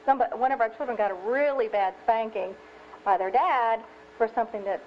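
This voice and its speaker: A woman adding a personal story to a parenting talk, earnest and halting in long run-on sentences. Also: on the high side. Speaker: co-presenter, speaker's wife. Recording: dull lo-fi recording with faint noise.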